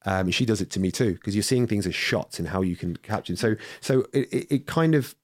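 A man's voice: on the low side, brisk, no echo, studio quality. A man talking in a casual podcast conversation, rambling with many restarts and getting heated and sweary.

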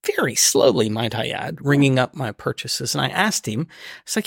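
Animated man telling a comic story. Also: moderate pace, gravelly, slightly rough, no echo, studio quality. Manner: animated, acts out his own reactions in high bursts. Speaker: podcast co-host. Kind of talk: casual chat, comic storytelling.

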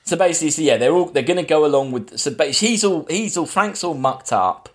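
A man's voice: fairly high pitch, animated, a little fast. A man, a podcast host casually recapping a film plot, rambling with fillers and restarts. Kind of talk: casual film review chat.

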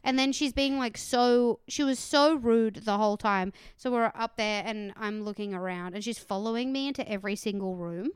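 A woman chatting casually as a podcast co-host, telling anecdotes with lively, indignant retellings. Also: on the high side, normal speed, few pauses, smooth, no room sound, clean studio sound. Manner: animated storytelling, voices her own anger loudly. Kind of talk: casual chat.

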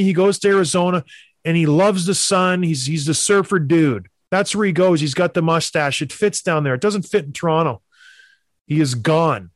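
A young adult man hosting a sports talk show, emphatic and animated, with mocking asides. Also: a little high, dry recording, studio quality. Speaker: sports podcast host. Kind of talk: opinionated hockey talk.

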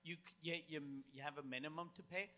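A man co-hosting a comedy podcast. His voice sits high and sounds bright and lively. He jokes crudely and swears in loose banter. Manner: crude, joking, quick interjections. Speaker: podcast co-host. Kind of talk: casual comedic chat.

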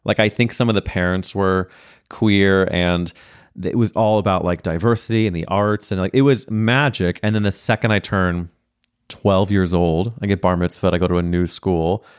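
A man in his thirties from St. Louis, hosting a solo podcast and telling a funny story in a campy, animated way, acting out the other people's lines and laughing as he goes. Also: low voice, moderate pace, clean tone, no echo, clean studio sound. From St. Louis, Missouri, USA. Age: 30s. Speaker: podcast host.

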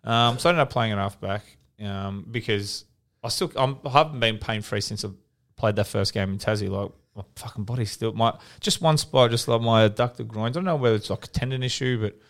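A young Australian man, once a footballer and now a podcast co-host, tells animated stories in casual chat, swearing freely. He speaks briskly in a lowish voice, with few pauses.

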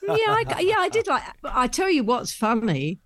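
A woman, a guest telling rambling stories about her past with soft laughs. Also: high voice, big pitch swings, moderate pace, a crowd in the background. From London, England. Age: 70s. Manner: chatty, rambling storyteller with frequent soft laughs. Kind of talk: conversational anecdotes.

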